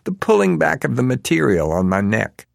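A man's voice: medium pitch, big pitch swings, normal speed, gravelly, no echo, studio quality, pitched above the performer's own voice. A man voicing an odd, self-satisfied husband who explains his own habits, in an audiobook. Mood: self-pleased.

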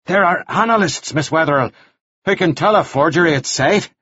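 A stern clergyman speaks in formal, reproving sentences, as a male narrator plays him. The voice is husky and lively in pitch. It is recorded dry and a little dull. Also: normal speed, no echo, exaggerated voice.

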